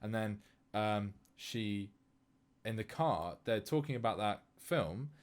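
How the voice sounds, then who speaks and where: Male podcast co-host, lower register, animated casual film chat. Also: slow. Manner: animated, many fillers and restarts.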